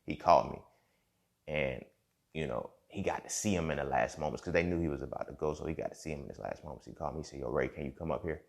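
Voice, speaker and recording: On his podcast, a young man talks quickly in an extremely low, darkish voice with vocal fry. His musing monologue is conversational and repetitive, dotted with "you feel me."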